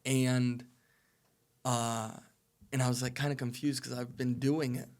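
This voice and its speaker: Young man in his twenties talking on a podcast, earnest and rambling as he tells a long story, his pitch staying close to one level throughout. His voice sits in an ordinary middle register, and he speaks as a guest answering a question. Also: little pitch movement, measured pace, a little mellow. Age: 20s. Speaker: podcast guest, soccer player. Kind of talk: casual interview storytelling.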